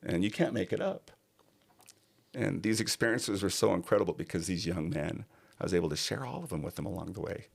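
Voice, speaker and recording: A man's voice: low voice, a little fast, vocal fry. A middle-aged man, a podcast guest, telling a personal story in earnest and acting out other people's lines.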